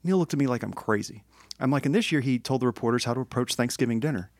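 Clean studio sound without echo captures a fast, medium-pitched male voice. As a podcast co-host in a casual chat, he tells a lively story and plays out each quote.

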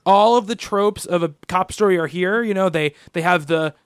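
A man's voice: high-pitched, moderate pace, smooth, no echo, studio quality. Rambling man on a comics podcast. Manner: rambling, many restarts. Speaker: podcast co-host. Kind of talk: casual comic book chat.

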